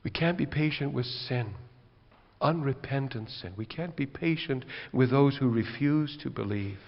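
A man preaching a sermon, swinging between loud rhetorical questions and quiet, earnest passages. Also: mid-range voice, measured pace, creaky. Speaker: pastor. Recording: dull lo-fi recording with long hall reverb.

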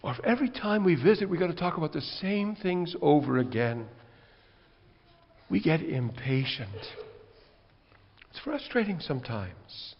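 A man preaching a sermon, swinging between loud rhetorical questions and quiet, earnest passages. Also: a little high, expressive, unhurried, long pauses, slight background noise. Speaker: pastor. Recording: dull lo-fi recording with long hall reverb.

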